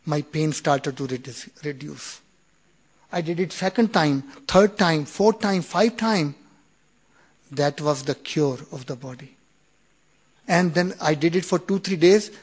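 A man in his fifties shares a personal story at a relaxed storytelling pace. His voice sits a little high for a man. He stumbles and restarts often, then acts out the quoted lines with sudden bursts of force. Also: husky. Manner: animated retelling with acted-out quoted dialogue; halting, with many restarts and "you know". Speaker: speaker sharing a personal story.

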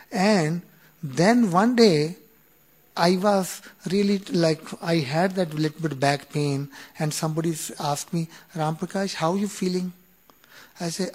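A man in his fifties shares a personal story at a relaxed storytelling pace. His voice sits a little high for a man. He stumbles and restarts often, then acts out the quoted lines with sudden bursts of force. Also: husky. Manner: animated retelling with acted-out quoted dialogue; halting, with many restarts and "you know". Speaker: speaker sharing a personal story.

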